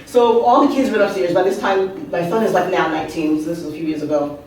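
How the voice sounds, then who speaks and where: A woman's voice: on the low side, steady tone, fast talker, darkish tone, a little hiss or hum. Woman telling stories in an echoing room. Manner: chatty, with asides and rhetorical questions to the audience. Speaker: open mic speaker and author. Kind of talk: humorous personal storytelling. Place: art venue open mic. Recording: very echoey room, voice heard from a distance.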